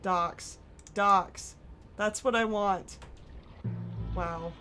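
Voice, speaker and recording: A woman's voice: medium pitch, steady tone, extremely slow, pushed and bright, faint music behind. A woman streaming a video game live, reading along and reacting casually.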